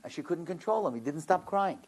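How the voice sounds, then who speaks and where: A man gives a religious lecture as a storyteller, slipping into the voices of the people in his story. His fairly high voice rises and falls with lively animation. He slows for the points he wants to stress. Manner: dramatic storyteller who acts out characters. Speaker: rabbi lecturer.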